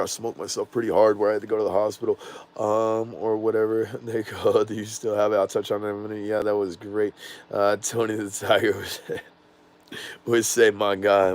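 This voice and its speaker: A man's voice: on the low side, level tone, normal speed. A middle-aged man with a Southern US accent, hosting a casual drone livestream in a loose, rambling way with frequent laughs. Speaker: drone channel host.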